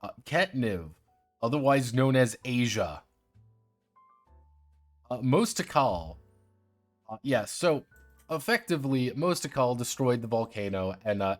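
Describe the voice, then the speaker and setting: A man's voice: medium pitch, unhurried, soft background music. A man casually reviewing tabletop roleplaying games on a stream, irreverent and sardonic, swearing freely and walking viewers through the rules. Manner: talks viewers through rule details. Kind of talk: casual livestream commentary.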